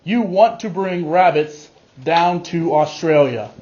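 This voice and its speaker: A male teacher giving a class directions, leaning on key words slowly for emphasis, recorded in a classroom. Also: on the high side, lively intonation, a little mellow, lo-fi sound. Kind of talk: classroom instruction.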